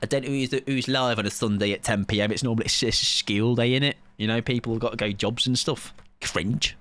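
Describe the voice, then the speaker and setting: A man's voice: medium pitch, steady tone, a little fast, fairly bright tone. A British man in his thirties, a game streamer chatting casually and joking with his lobby while he plays. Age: 30s. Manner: chatty, joking, rambling with fillers. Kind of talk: casual chat while gaming.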